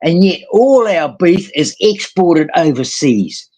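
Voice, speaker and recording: A man's voice: on the high side, lively intonation, slow pace, darkish tone. A man with a mixed New Zealand and Australian accent, talking heatedly in a casual voice chat, swearing often and trailing off into fillers. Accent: New Zealand and Australian mix. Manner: heated, rambling, swears a lot, many fillers. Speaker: guest in a live voice chat.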